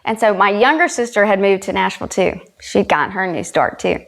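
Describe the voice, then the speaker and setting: A country singer from South Carolina, a woman with a Southern US accent, speaks in a mid-range, animated voice at a fairly quick clip. Appearing as a guest, she earnestly shares a personal story and retells bits of dialogue.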